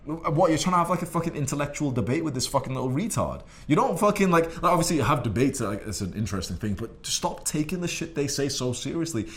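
A man's voice: a little high, lively intonation, fast, few pauses. Young guy ranting dating advice, crude and condescending, tons of swearing, voice swings up and down a lot. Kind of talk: profane advice monologue.

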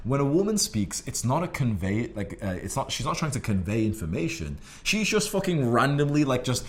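A man's voice: mid-range voice, sing-song, brisk. A young man giving blunt, crude and condescending dating advice, swearing constantly. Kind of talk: profane advice monologue.

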